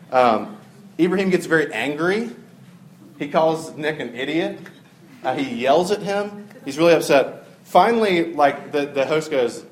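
A man's voice: a little high, echoey room, a little hiss or hum. A man preaching a casual sermon, telling stories and speaking directly to his listeners.

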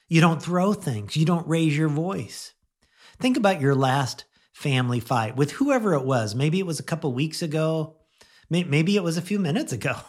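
A middle-aged man giving a conversational radio sermon, chatting gently and laughing now and then, then leading a prayer. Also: on the high side. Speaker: pastor.

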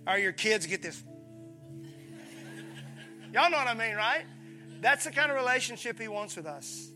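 A pastor from preaching a sermon, animated, acting out voices and calling on his listeners. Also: extremely high pitch, normal speed, soft background music. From Mississippi, USA. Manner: animated, acts out voices, calls on the congregation.

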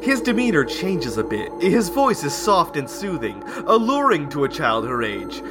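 A man's voice: on the high side, huge pitch swings, moderate pace, loud music behind the voice. A man hosting a podcast, reading a scary story aloud with dramatic narration and laughing asides. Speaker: podcast host.

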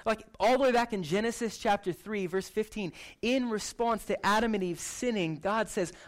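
A man preaching a sermon in a casual, conversational way, animated and chatty, often tagging lines with "right?". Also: sits high, moderate pace. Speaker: pastor.

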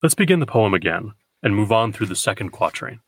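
A man hosting a poetry podcast, giving a scripted, measured lecture and slowing down to read verse. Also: on the low side, big pitch swings, husky, no room sound. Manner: measured, deliberate, slows for quoted verse.

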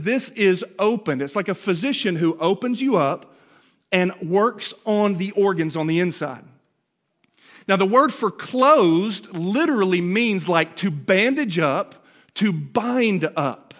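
A man's voice: sits high, a bit bright. A man in his forties giving an emphatic, conversational sermon as a pastor in a church sanctuary, often checking in with rhetorical questions. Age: 40s.

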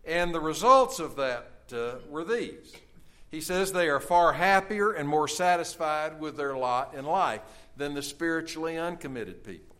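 A middle-aged man preaching a sermon as pastor, earnest and pleading, pausing with "uh" and softening at the ends of phrases. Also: a little high, lively intonation. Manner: earnest, pleading, with frequent "uh" pauses.

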